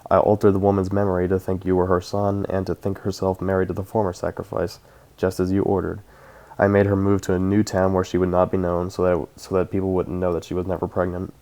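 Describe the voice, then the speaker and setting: A man's voice: low-pitched, completely flat delivery, fast, dark tone. A man reading as a fretful wooden servant creature. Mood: anxious, pleading. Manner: anxious, repeats itself.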